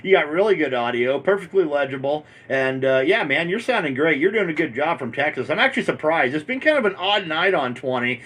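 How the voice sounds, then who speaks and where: A man's voice: a little high, lively intonation, brisk, few pauses, fairly bright tone. A man working an amateur radio station from home, chatting casually and rambling on, worn out after hours on air.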